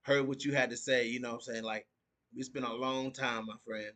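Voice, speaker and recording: A man's voice: mid-range voice, fairly even intonation, a little fast, fairly bright tone. Laid-back man hosting a live stream. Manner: laid-back, reads viewer comments aloud and riffs on them. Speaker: podcast host. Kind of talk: casual live stream chat.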